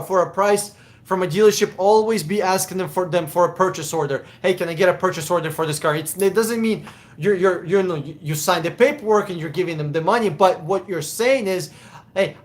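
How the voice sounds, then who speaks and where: Man hosting a live Q&A stream, high voice, blunt and profane, repeats words for emphasis. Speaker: host answering viewer questions.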